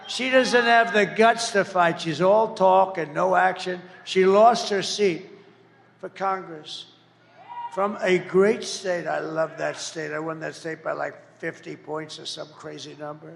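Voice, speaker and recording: A man in his seventies giving a rambling, boastful campaign rally speech, repeating himself and breaking into shouts. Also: high-pitched, steady tone, measured pace, creaky, long reverb tail, slight background noise. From United States. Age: 70s. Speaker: political candidate.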